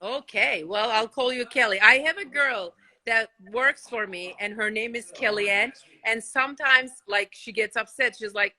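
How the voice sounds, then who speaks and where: A woman hosting a casual livestream chat from her couch, telling stories in an animated, bubbly way. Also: fairly high pitch, normal speed. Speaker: host. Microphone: phone.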